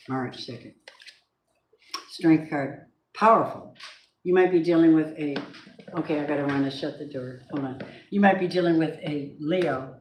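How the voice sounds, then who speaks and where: A woman giving a casual tarot reading, chatty and emphatic, with spiritual asides. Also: deep voice. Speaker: tarot reader. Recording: echoey room, faint background noise.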